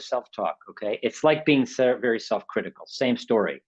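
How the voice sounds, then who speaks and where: A man's voice: mid-range voice, expressive, normal speed, few pauses, breathy edge, lo-fi sound. A man presenting a motivational webinar in a conversational way, often checking in with his listeners and acting out inner voices in a raised tone. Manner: conversational, keeps checking in with "okay?" and "right?".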